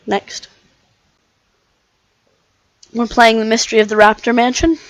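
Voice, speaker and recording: A woman's voice: fairly high pitch, level tone, a little slow, pauses often, dry recording, rough recording. A woman playing indie visual novels, making dry, casual asides as she picks choices and moves between games. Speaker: game streamer. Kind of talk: casual gameplay commentary.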